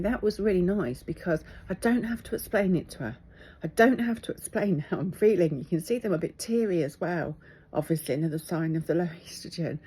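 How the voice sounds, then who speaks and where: A tired middle-aged woman from England, talking to camera in a candid, halting, reflective video diary. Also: mid-range voice, warm tone, breathy edge. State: tired and teary. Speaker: vlogger.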